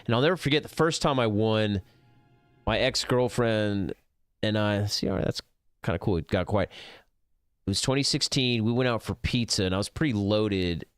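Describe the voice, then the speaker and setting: Male streamer, middle-aged, profane rambling talk, smooth voice, dry close mic. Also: lowish voice, normal speed, dry recording, faint music behind. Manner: profane, rambling, gets heated. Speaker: gaming streamer. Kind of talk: casual rant over gameplay.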